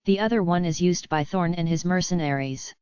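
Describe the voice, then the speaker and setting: A woman's voice: lowish voice, brisk, warm tone, clear, resonant tone, dry recording, lightly acted. A woman voicing a cheerful, knowing female guide in an audiobook, in a dull, dry recording. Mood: friendly.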